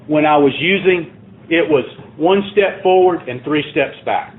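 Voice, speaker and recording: A man's voice: on the high side, unhurried. A man giving a plainspoken, earnest talk at a recovery meeting, building to emphatic points. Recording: tinny phone-like sound.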